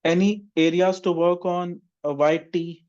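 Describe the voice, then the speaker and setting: A man's voice: sits high, steady tone, unhurried, darkish tone, lo-fi sound. A man teaching an online English exam class and giving chatty, teasing feedback to students. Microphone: video call.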